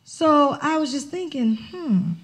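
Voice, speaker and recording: A woman spiritual director preaching a sermon, telling a personal story in an animated, conversational way. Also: high voice, slow pace.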